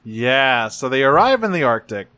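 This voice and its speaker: Bright-toned man in casual chat. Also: mid-range voice, sing-song, moderate pace. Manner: rambling, laughing recaps with acted-out character quotes. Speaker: podcast co-host.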